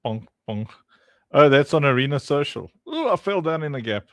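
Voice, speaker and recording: A man's voice: fairly high pitch, very animated, a little fast, fairly bright tone, no echo. A man streaming while playtesting his own game, chatty and teasing, talking to viewers by name. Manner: chatty, teasing, laughs often, talks to chat by name. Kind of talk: casual livestream chat while playtesting.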